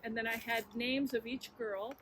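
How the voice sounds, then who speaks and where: A woman who was once a secretary, a guest in a casual chat, telling old stories in a lively way and laughing often. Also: a little high, normal speed, a little hiss or hum, low-quality recording.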